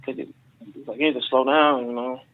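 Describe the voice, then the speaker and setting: A man's voice: mid-range voice, steady tone, fast talker. A man being interviewed as a fighter, telling stories in a rambling, casual way with lots of fillers and swearing. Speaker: MMA fighter guest. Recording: phone-like narrow band.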